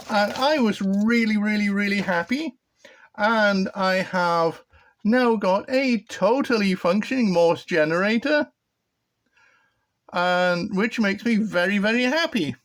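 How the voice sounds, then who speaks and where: A man's voice: high-pitched, measured pace. A British man hosting his own hobby electronics video, giving a casual show-and-tell that rambles and hesitates with frequent ums and restarts.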